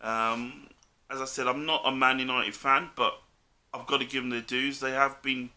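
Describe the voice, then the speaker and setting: A man's voice: mid-range voice, flat delivery, normal speed, pushed and bright. A man chatting casually about football, bluntly and with lots of swearing, calling everyone mate. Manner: blunt, swears a lot, says mate constantly. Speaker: co-host.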